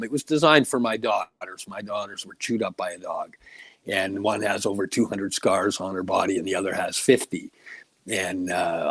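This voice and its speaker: A man's voice: lowish voice, dry recording. A man chatting on a talk show as a guest who makes remedies, telling long stories with plenty of "uh" and "um". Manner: rambling storyteller with many fillers. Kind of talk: casual talk-show chat.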